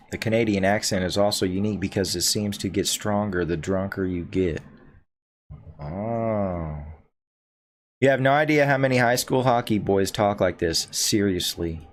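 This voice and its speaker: A man hosting a live reaction stream, reading out chat comments in a low-key, offhand way. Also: a little slow, long pauses, slight background noise.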